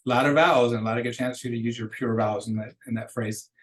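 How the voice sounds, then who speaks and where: A man teaching a beginning Spanish lesson, patiently explaining rules and modeling each word slowly before repeating it. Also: mid-range voice, steady tone, rough recording. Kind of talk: recorded classroom lecture.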